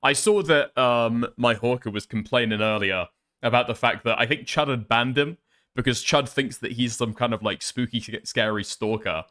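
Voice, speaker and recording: A man's voice: medium pitch, moderate pace, a bit bright. A man chatting casually and rambling on a live stream, swearing often. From northern England.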